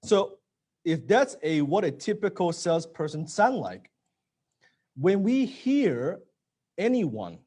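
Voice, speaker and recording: Blunt male sales coach, casual and profane, slightly high voice, goes quiet for emphasis. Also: slightly rough. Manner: blunt, swears, drops to a low emphatic voice. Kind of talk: live training session.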